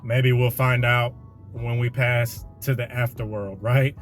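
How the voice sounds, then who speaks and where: A man's voice: medium pitch, little pitch movement, measured pace, faint music behind. A man hosting a podcast, delivering a slangy, conversational motivational monologue with a preachy edge. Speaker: podcast host.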